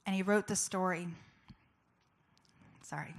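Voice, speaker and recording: Speaking to a live audience, this public speaker shares something personal in an earnest, conversational way, packed with fillers. She has a lowish, gravelly voice and is unhurried.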